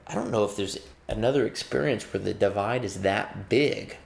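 A man's voice: on the low side, normal speed, gravelly. A man delivering a profane comedic rant, bouncing between musings and acted-out voices. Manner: profane, animated, acts out voices mid-rant.

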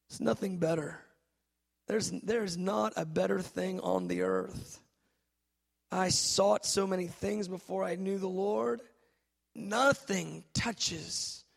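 A man, a pastor preaching a charismatic sermon, swinging from soft musing to shouted preaching. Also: high voice, vocal fry, slightly rough.

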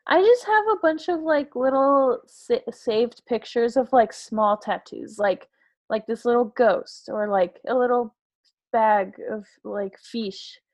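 A woman's voice: a little high, slow pace, a little mellow. A woman from Mexico chatting casually, easygoing and laughing a lot. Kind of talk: casual chat.

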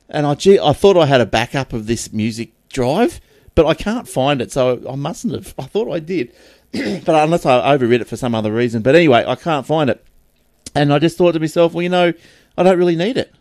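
An Australian man chatting casually on a podcast, telling lively stories, acting out other people's voices and laughing often. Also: mid-range voice, no echo, studio quality. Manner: animated storyteller, acts out voices, laughs often. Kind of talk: casual chat.

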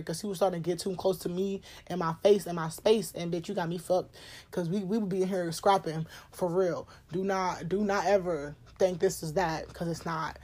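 A young woman telling a personal story in a candid, profane, laughing way, getting loud when she acts out scenes. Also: fairly low pitch, steady tone, normal speed. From Cincinnati, USA. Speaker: podcast host. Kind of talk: casual storytelling monologue.

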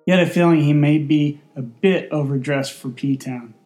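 Deadpan male storyteller, mellow voice. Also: a little high, normal speed, soft background music. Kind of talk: storybook narration.

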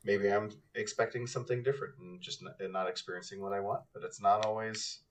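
A man with a fairly low voice co-hosts a casual faith podcast. He talks haltingly, with plenty of fillers and restarts, and he sits a little back from the mic. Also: steady tone, far from the mic. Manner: hesitant, many fillers and restarts. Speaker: podcast co-host.

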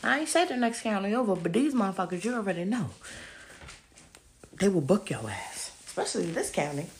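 A woman podcast host ranting casually to her listeners, loud and emphatic, swearing constantly and calling them y'all, talking into a phone as she walks around her house. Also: medium pitch, big pitch swings, brisk. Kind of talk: casual profane rant to listeners. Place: at home, walking around the house.

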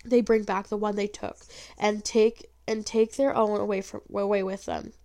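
A woman's voice: mid-range voice, level tone, normal speed, warm tone, lightly acted. Grieving, determined farm mother, read by a woman. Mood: pleading.

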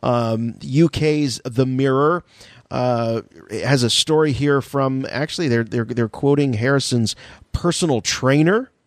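A man's voice: mid-range voice, unhurried, no room sound, studio quality. A man co-hosting a podcast, joking and rambling with plenty of fillers. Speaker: podcast co-host. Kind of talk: casual chat.

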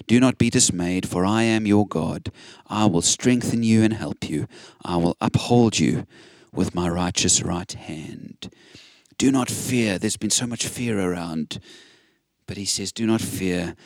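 A man's voice: fairly low pitch, no room sound. A man preaching a sermon, earnest and encouraging, quoting scripture with emphasis.

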